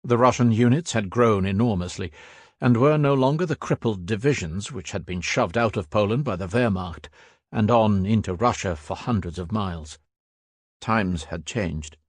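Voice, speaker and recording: A man reading a war memoir audiobook as scripted narration, raising his voice for characters' shouts. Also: lowish voice, moderate pace, no echo.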